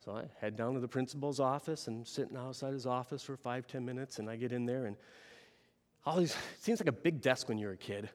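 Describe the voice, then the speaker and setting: A man telling a story to an audience in an animated way, often turning to ask the listeners questions. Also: mid-range voice, brisk, in a large hall. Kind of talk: storytelling talk.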